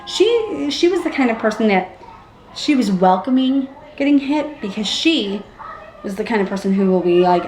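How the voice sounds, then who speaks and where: Animated woman telling a story, echoey room. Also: normal speed. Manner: animated, acts out quotes with big pitch jumps. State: pregnant. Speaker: vlogger. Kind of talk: casual storytelling vlog. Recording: echoey room with faint background hum.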